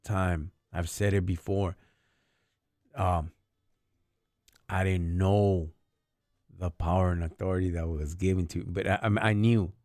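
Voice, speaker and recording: Low-pitched and darkish, his voice moves at a measured pace with fairly even intonation and frequent pauses. He's a man hosting a live stream, chatting through stories in an earnest, faith-focused way, slangy and street-casual, often saying "dog" and "homie." The clean studio sound has no room sound.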